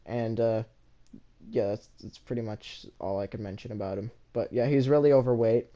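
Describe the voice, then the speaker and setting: A man casually telling a story from his school days, rambling, with many restarts, often in a soft, low-key voice. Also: fairly even intonation, normal speed.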